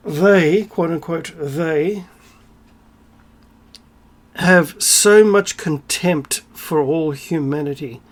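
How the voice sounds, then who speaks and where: A man's voice: on the high side, extremely slow, long pauses. A man hosting his own channel, delivering a sarcastic, irreverent rant with swearing, bursts of emphasis and laughter. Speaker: channel host. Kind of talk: ranting solo vlog monologue.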